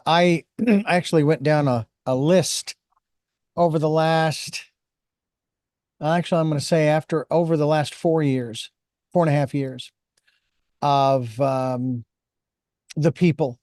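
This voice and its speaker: A man's voice: mid-range voice, a little mellow, no echo, clean studio sound. A man hosting an interview, talking in a rambling, hesitant way with many restarts. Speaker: host.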